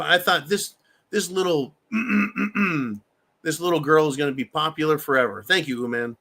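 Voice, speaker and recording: A man's voice: fairly high pitch, bright, forceful tone. A man hosting a live stream, reading viewer comments aloud and ranting in a profane, mocking way. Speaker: host reading viewer chat.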